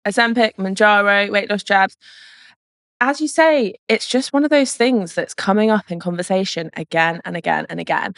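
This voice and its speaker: A young woman co-hosting a podcast, a doctor chatting with encouraging, quick reactions. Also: mid-range voice, fairly bright tone, no room sound. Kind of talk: casual chat.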